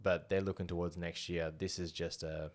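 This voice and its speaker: A very deep-voiced Australian man in a relaxed sports chat. He talks with easy confidence and makes bold calls. His voice sits low and steady throughout. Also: moderate pace. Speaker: podcast co-host.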